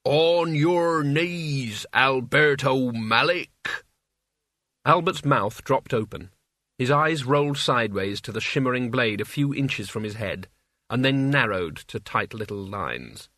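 A man with a medium-pitched voice reads a scripted audiobook story with calm, even pacing. The recording is dry and studio quality.

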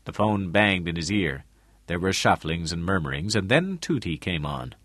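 A man narrating a story aloud in a measured way. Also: sits low, sing-song, fairly bright tone, dry recording, clean studio sound. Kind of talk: audiobook narration.

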